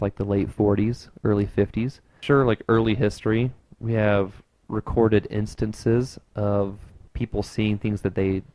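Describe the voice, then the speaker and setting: A young man chatting on a podcast, his talk loose and full of fillers and quick laughs. His voice is mellow and a bit low. The sound is close and dry. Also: no room sound. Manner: loose and rambling, laughs often, many fillers. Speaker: podcast co-host. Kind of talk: casual podcast chat.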